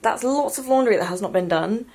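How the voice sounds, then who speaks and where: A woman's voice: on the high side, expressive, a little fast, a little mellow. A young woman in her twenties vlogging casually to camera, frank and sweary, venting with self-mocking humour. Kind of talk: casual vlog chat to camera.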